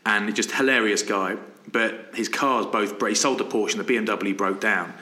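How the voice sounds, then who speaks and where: A man's voice: fairly low pitch, fairly even intonation, normal speed, pushed and bright, roomy sound. A man in his thirties, a podcast co-host, telling anecdotes in a casual chat and acting out his friends' lines. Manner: storytelling, laughs often, acts out quoted friends.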